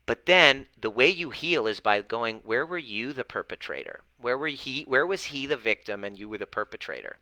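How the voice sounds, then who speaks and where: A man's voice: mid-range voice, big pitch swings, normal speed, hardly any pauses, bright, forceful tone, dry recording, low-quality recording. A man talking as a relationship coach, blunt and swearing freely, acting out his clients' words as he tells their stories. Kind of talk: motivational talk to camera.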